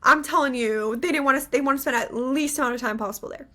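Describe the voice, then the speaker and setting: A young woman tells a story on a casual podcast, her voice sitting a little high. She acts out what people said and fills her sentences with "like.". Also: fast talker. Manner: animated storyteller, acts out quotes, many "like" fillers. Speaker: podcast co-host.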